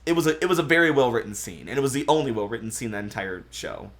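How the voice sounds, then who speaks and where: A man's voice: medium pitch, expressive, quick pace, a bit bright. A man co-hosting a casual podcast chat, rambling and swearing as he retells scenes. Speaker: podcast co-host.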